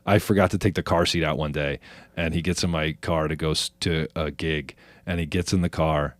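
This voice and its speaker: A man, a comedian from New Jersey, telling a story in casual chat, animated, swearing and acting out the people he quotes. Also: extremely low pitch, fairly quick, dry recording. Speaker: comedian guest.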